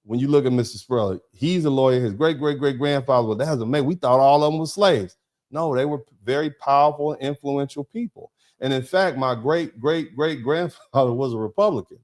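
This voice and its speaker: A man hosting a livestream, reading out and thanking people from the chat. His voice sits at an ordinary middle pitch. He talks in a folksy, rambling way, circling back and repeating words for emphasis. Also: fairly quick, a little mellow. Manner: folksy, calls listeners baby and bro. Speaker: host reading viewer chat.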